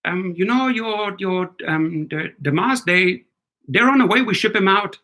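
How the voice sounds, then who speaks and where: A man's voice: high-pitched, expressive, a little slow, sharp tone, voice pushed up, heavily acted. A man doing a stammering supplier with an Indian accent. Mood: flustered. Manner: hesitant, stammering. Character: flustered male overseas mask supplier.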